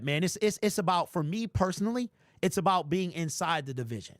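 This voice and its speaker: A man hosting a casual fan live stream, chatting and reading donations in an animated, teasing, mock-indignant way. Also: on the high side, brisk, no echo, studio quality. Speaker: fan livestream host.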